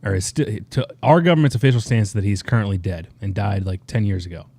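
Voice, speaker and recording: Male podcast co-host, low and mellow, earnest explainer, dry close sound. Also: expressive, quick pace, no echo. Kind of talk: casual podcast chat.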